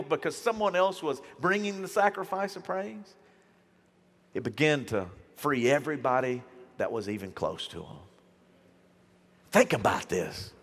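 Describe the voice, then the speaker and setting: A man preaching a sermon as pastor, casual and animated, slipping into slang and acting out the voices of people in his stories. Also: on the high side. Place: church hall. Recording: church hall with long reverb.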